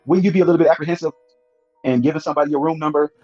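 A man's voice: a little high, steady tone, racing, mellow, no echo, highs cut off, faint music behind. A man hosting a live stream, pressing a guest with probing questions and cutting in to challenge her. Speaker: host.

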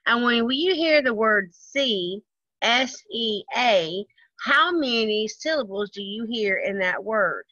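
A woman leads a music lesson for small children, speaking slowly and patiently with a bright, crisp voice. She counts rhythms aloud in a sing-song manner. The sound is dry and a little dull, like a lo-fi video call. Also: on the high side, no room sound. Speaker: first grade music teacher. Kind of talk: online lesson for young children.

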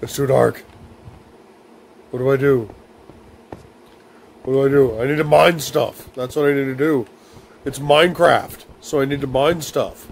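Gravelly man doing goofy game commentary. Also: medium pitch, fairly even intonation, a little slow, pauses often, slight background noise. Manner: goofy baby talk and rhyming nonsense words. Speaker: gaming video host. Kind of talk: silly comedic let's-play commentary.

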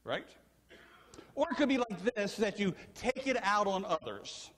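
An older pastor, his voice high-pitched and unhurried, delivers a sermon full of stories and questions for the congregation. His manner is animated, and the church sanctuary gives the recording a long, hall-like reverb.

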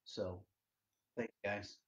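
A man hosting a casual solo livestream, loud and profane, rambling to his viewers. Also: fairly low pitch, level tone, takes it slowly. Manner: loud, profane, rambling, sings along to music. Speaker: livestream host. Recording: dull lo-fi stream audio.

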